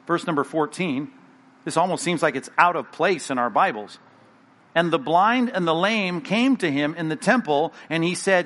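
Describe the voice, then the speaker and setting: Middle-aged male pastor, slightly high voice, animated conversational sermon delivery. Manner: animated, conversational preaching with acted asides.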